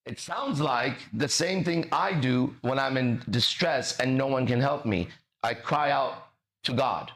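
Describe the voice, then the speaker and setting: A man's voice: on the high side, very animated, measured pace, a bit bright. A man hosting a motivational talk, emphatic and preachy, who swears and stumbles over words as he explains. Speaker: podcast host. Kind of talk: motivational conversation.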